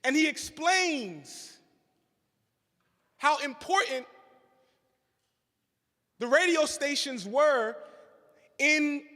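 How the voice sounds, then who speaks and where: A man's voice: extremely high pitch, bright, forceful tone. A man who co-hosts a radio show, giving a rousing fundraising speech and telling a story live, with call-and-response. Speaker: radio co-host, fundraiser speaker. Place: church hall, live event. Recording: reverberant church hall.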